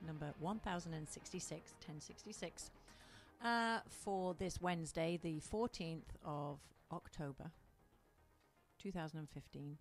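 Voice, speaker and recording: A woman co-hosts a casual podcast in a fairly low voice. She talks in a brisk, matter-of-fact way and teases her co-host. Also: faint music behind. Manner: teasing, laughs often, brisk and matter-of-fact. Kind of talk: casual chat.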